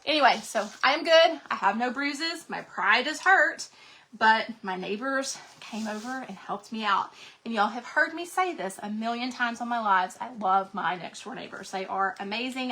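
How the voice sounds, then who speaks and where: A woman's voice: on the high side, normal speed, bright, forceful tone. A woman, chatting casually and folksily with her viewers while she crafts. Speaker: craft livestream host.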